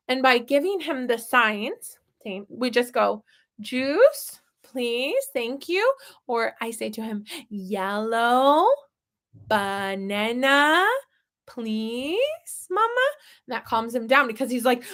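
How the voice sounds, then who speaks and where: A woman with a high voice speaks casually and earnestly about parenting her young child. She drifts into fillers and side remarks as she explains. Her tone is warm in wording but plain in delivery. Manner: earnest, chatty, with many fillers and soft asides. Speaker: parent talking about her autistic toddler. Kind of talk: casual explanatory talk to camera.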